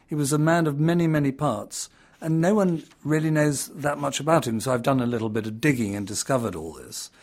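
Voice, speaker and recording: A man's voice: medium pitch, a little fast, a little mellow. A man giving a casual spoken talk in a chatty way, with fillers and small restarts. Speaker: presenter.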